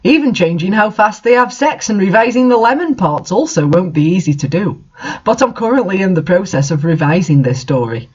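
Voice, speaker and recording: A reader giving a mock-dramatic reading of an author's note, theatrical, with sudden shouted outbursts. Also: medium pitch, breathy edge, lo-fi sound. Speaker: reader of fan fiction.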